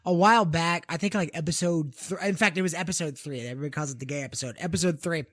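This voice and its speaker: A man's voice: a little high, fast talker, a bit bright, no echo, studio quality. A man hosting a comedy podcast, ranting animatedly with lots of swearing, fillers and restarts. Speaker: podcast host.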